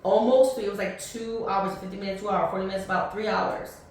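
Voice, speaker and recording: A woman in her thirties hosting a podcast, telling a personal story in a casual, animated way and acting out both sides of the dialogue. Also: medium pitch, fast talker, heavy reverb, far from the mic, a little hiss or hum. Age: 30s. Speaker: podcast host.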